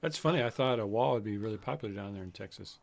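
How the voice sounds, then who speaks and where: A man's voice: lowish voice, quick pace, gravelly, no room sound. A man co-hosting a podcast, chiming in with questions, jokes and puns. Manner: joking interjections and puns. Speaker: podcast co-host. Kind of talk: casual sports chat.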